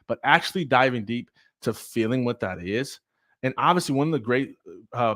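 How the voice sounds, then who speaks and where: A man's voice: medium pitch, fairly bright tone. A middle-aged man hosting a motivational talk, speaking with energy and preaching to his viewers. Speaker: host.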